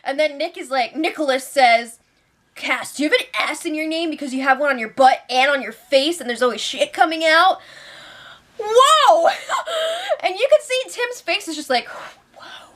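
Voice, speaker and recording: Young female recap host, high-pitched, lively storyteller voice. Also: brisk. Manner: animated retelling with quoted voices and laughs. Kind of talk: casual spoiler recap.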